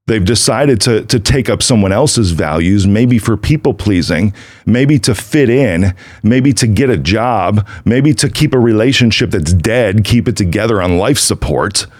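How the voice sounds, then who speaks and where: A man's voice: fairly low pitch, dry recording, clean studio sound. A man hosting his own podcast, talking casually and emphatically to listeners, repeating himself and checking in with "right?". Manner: emphatic, repetitive, conversational with frequent "right?". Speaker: podcast host. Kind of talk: casual solo podcast monologue.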